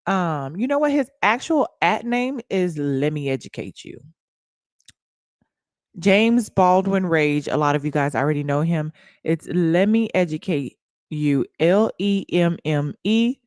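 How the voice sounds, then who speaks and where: A woman hosting a casual livestream, talking to her viewers in a loud, playful, hyped way and swearing freely. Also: lowish voice, animated, measured pace, no echo, studio quality. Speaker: livestream host.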